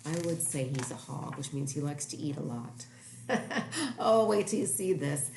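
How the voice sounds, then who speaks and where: A woman reading a picture book aloud to children, animated and exclaiming as she points out the pictures. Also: deep voice, moderate pace, creaky. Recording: echoey room with faint noise.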